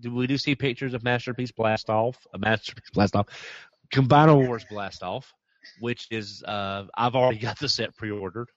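A man's voice: mid-range voice, fairly even intonation, normal speed, no room sound, lo-fi sound. A man co-hosting a casual chat about toy collecting, rambling with restarts and dropping in sponsor plugs. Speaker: podcast co-host.

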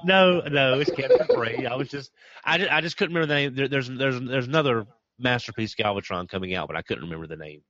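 A man's voice: mid-range voice, lively intonation, fast, fairly bright tone, no echo, dull audio. A man co-hosting a casual chat about toy collecting, rambling with restarts and dropping in sponsor plugs. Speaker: podcast co-host.

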